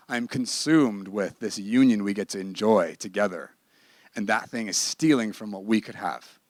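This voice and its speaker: A man's voice: on the low side, normal speed, no room sound, clean studio sound. A man teaching a ministry class in a candid, emphatic, conversational sermon style. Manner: emphatic and candid, with bursts of laughter.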